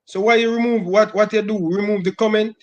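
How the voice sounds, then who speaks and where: A man's voice: sits high, steady tone, a little fast, highs cut off. A man co-hosting a livestream, arguing insistently and repeating himself. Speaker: stream co-host. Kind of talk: heated livestream chat.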